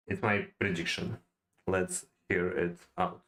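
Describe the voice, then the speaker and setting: Brief: man, slow deliberate delivery, low voice, hesitant study-aloud tone. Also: flat delivery, fairly bright tone, low-quality recording. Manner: halting, many fillers and restarts, non-native phrasing. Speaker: self-taught poetry learner. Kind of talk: thinking-aloud study session.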